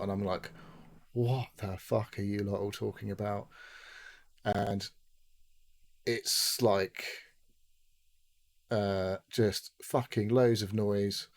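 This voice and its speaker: A man with a fairly low voice chats casually on a gaming podcast. He rambles, swears freely and slips into acting out what people said. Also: a little mellow. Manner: rambling, swears a lot, acts out quotes. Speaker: podcast co-host.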